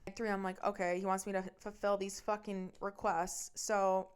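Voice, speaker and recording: A woman hosts a casual storytelling podcast at a mid-range pitch. She is blunt and swears freely, and she speeds up in an animated way as she retells what happened. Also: normal speed, clear, resonant tone. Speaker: podcast host.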